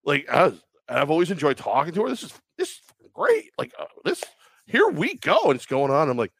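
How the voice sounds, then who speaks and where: A man in his forties co-hosting a sports talk show, telling stories casually and mimicking others in high squeaky voices. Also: brisk, gravelly, slightly rough, dry recording, studio quality. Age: 40s. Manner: animated storytelling, acts out high-pitched quoted voices. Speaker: radio show co-host.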